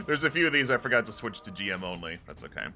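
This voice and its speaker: A man running a tabletop game as game master, relaxed and joking, laughing often. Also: on the low side, fast, soft background music.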